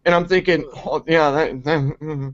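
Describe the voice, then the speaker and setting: A man reviewing wrestling in a profane, exasperated rant, sarcastic and quick to mock. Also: fairly high pitch, steady tone. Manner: sarcastic and exasperated, heavy swearing. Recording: dull lo-fi recording.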